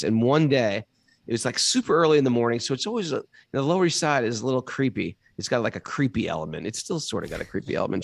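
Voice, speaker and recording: A middle-aged man with a New York accent tells a story in a casual, colorful style and acts out the quotes as he goes. His voice is gravelly with a steady middle pitch, and the sound is dry and close. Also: no echo. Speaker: guest storyteller.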